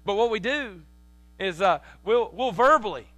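A pastor preaches an animated sermon in a high, bright, cutting voice. He repeats words as he builds and leans on folksy family stories. The sound is close and dry, with a faint electrical hum underneath. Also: normal speed, dry recording. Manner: tells folksy family anecdotes. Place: church sanctuary.

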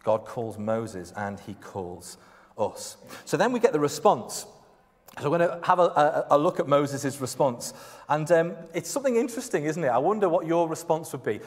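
A man's voice: on the high side, very animated, normal speed. A man preaching a conversational, emphatic sermon, acting out quotes as he goes. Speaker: pastor. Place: church hall. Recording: long hall reverb.

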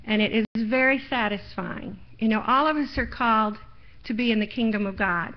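Woman preacher, middle-aged, somewhat high voice, folksy testimony, muffled live-stream sound. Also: moderate pace. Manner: folksy, personal testimony, building to louder emphasis. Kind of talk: sermon. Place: church.

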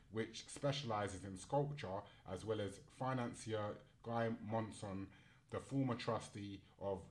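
A man hosting a casual panel podcast, reading news items aloud and breaking off into chatty commentary with fillers. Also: on the low side. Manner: reads articles aloud, then breaks off into chatty asides with fillers. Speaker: podcast host and moderator.

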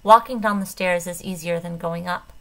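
Woman reading an audiobook, dramatic and expressive, kinda low voice. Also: moderate pace, gravelly, rough recording. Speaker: audiobook reader. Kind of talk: first-person audiobook narration.

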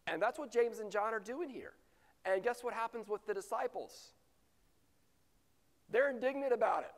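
A man preaching a sermon as pastor, swinging from loud rhetorical questions to near-whispered lines. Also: sits high, expressive, normal speed, pauses often. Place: church sanctuary. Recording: long reverb of a church sanctuary.

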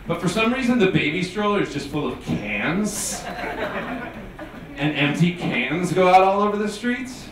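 A man hosting a stand-up comedy show on a bar stage, with animated, energetic patter. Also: fairly high pitch, brisk, noisy background. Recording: echoey bar from a distance.

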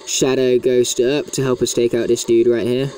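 A man's voice: medium pitch, flat delivery, moderate pace, dark tone, a little hiss or hum. A man chatting casually as he plays a video game, in a talkative, self-mocking way. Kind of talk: casual gameplay commentary.

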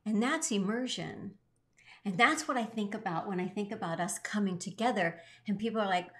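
A woman's voice: medium pitch, moderate pace. A middle-aged woman co-hosting a show, earnestly telling an emotional personal story with swings in her voice. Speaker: co-host. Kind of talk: heartfelt storytelling.

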